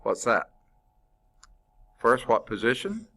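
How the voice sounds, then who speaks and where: A man's voice: medium pitch, sing-song, slow, gravelly, bright, forceful tone. A male math instructor lecturing a class, working problems aloud, quizzing students and chatting informally with asides.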